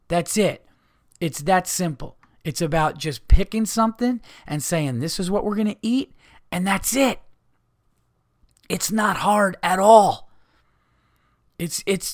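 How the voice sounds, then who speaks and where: A man's voice: fairly high pitch, fairly bright tone, no echo. Podcast host, man in his thirties, exasperated profane rant, dry close sound. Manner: heated, profane, exasperated ranting. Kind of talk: ranting casual monologue.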